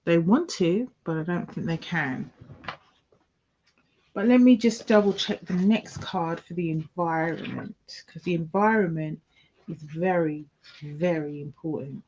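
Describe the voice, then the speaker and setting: A woman giving a casual tarot reading, talking slowly through each card as she lays it out. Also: on the low side, a little mellow. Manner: slow, musing, talks through each card. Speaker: tarot reader. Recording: dull lo-fi sound.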